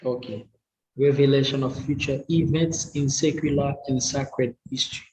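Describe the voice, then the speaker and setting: A man studying to preach, reading his notes aloud and sounding out hard words slowly and carefully, with English not his first language. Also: medium pitch, fairly even intonation, darkish tone, slight background noise, poor audio. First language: a language other than English. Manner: slow and careful, sounds out and repeats difficult words. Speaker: preaching student.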